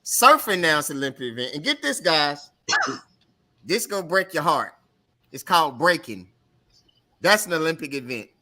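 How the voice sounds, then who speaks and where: A man co-hosting a sports radio podcast, chatting in loose, animated and playful banter. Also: a little high, normal speed, long pauses. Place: radio studio.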